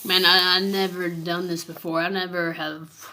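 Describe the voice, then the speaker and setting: Earnest, halting woman with a lowish voice. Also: little pitch movement, bright, forceful tone. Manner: halting and earnest, with many restarts and fillers. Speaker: vlogger sharing her faith testimony. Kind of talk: casual personal testimony, reading from her journal.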